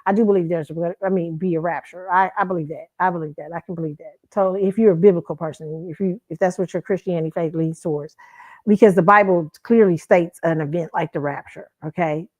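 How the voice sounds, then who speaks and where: A woman's voice: fairly low pitch, fairly even intonation, quick pace, a little mellow, dry recording, muffled recording. A woman hosting a commentary stream, telling stories in a chatty, rambling way and often correcting herself mid-sentence. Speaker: host. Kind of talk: casual commentary and storytelling.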